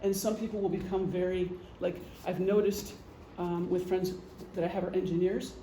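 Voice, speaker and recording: A woman's voice: fairly low pitch, fairly even intonation, moderate pace, dark tone, slight background noise. A middle-aged woman, a retired police officer, giving a casual, joking talk to a meeting and acting out gestures as she goes. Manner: chatty, joking, acts out gestures. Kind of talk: casual lecture. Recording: echoey meeting room.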